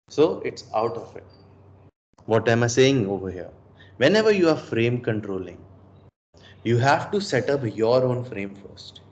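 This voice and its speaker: A young man giving a coaching session, emphatic, asking the listener rhetorical questions and mixing in Hindi phrases. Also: medium pitch. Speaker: dating coach.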